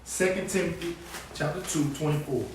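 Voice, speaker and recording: A man preaching on the street, fiery and emphatic, swinging between loud and low. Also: moderate pace. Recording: echoey, distant outdoor recording with faint background noise.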